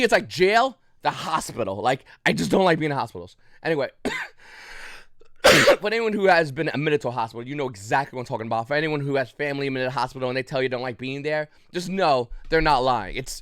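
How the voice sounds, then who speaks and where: A man's voice: medium pitch, lively intonation, a little fast, fairly bright tone, no echo, clean studio sound. A man casually recounting a story to the camera, rambling with restarts and short of breath, with frequent coughs. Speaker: YouTube channel host.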